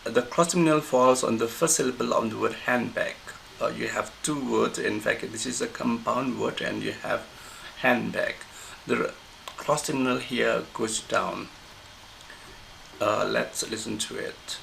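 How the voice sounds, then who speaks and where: A man with a heavily gravelly, creaky voice walks through a pronunciation lesson. He pauses and restarts often as he looks for the right word, and there is a faint hiss under his speech. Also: mid-range voice, fairly even intonation, fairly bright tone, low-quality recording. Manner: halting, stops often to find the word. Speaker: English pronunciation teacher. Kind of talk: recorded lesson explanation.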